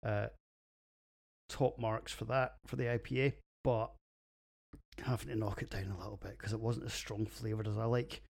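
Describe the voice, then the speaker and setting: Gravelly Scottish man, sweary banter. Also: fairly low pitch, level tone, moderate pace, pauses often, darkish tone. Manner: crude, sweary, self-mocking banter. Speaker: podcast host reviewing beers. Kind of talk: casual solo podcast monologue. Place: home office.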